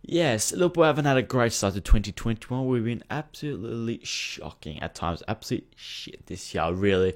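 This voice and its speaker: A man's voice: mid-range voice, lively intonation, normal speed, few pauses. A young man vlogging to his channel, ranting in a casual, sweary and emotional way about his football team. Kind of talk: casual rant to camera.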